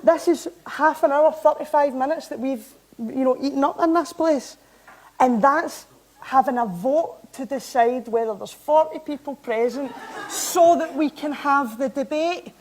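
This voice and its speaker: A young Scottish woman giving a public talk, recounting events in a lively, anecdotal way. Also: high-pitched, a little slow, low-quality recording. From Scotland. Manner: lively anecdotal, animated when amused. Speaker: member of parliament giving a talk. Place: hall, talk to an audience.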